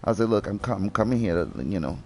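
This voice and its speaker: A man's voice: lowish voice, expressive, fast, a little mellow, faint music behind. A young man chatting casually while gaming, rambling with lots of fillers and swearing freely. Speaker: gaming video host.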